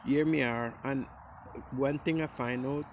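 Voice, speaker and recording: Slow, gravelly man with a Costa Rican Creole accent. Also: medium pitch, fairly even intonation, a little hiss or hum. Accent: Costa Rican Caribbean Creole English. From Costa Rica. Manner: rambling and easygoing, with many fillers. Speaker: speaker sending a recorded message to a friend. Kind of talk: casual recorded monologue.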